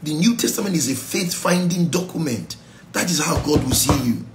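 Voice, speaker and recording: A man's voice: fairly high pitch, animated, moderate pace, echoey room, background noise. A Nigerian-accented male pastor teaching a Bible study sermon in an exhortative way, slipping into pidgin asides. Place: church.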